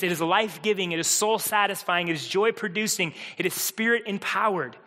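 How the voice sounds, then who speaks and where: A male pastor preaching with energy, his voice high and bright. He builds his points through rhetorical repetition, and the sound rings with the long reverb of a church hall. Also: a little fast, hardly any pauses. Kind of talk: sermon. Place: church sanctuary.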